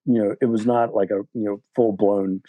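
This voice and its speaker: A man's voice: lowish voice, level tone, moderate pace, narrow, tinny audio. A man in his sixties from West Virginia, an author being interviewed, telling a story in a rambling, casual way full of fillers. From West Virginia, USA. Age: 60s. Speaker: guest author.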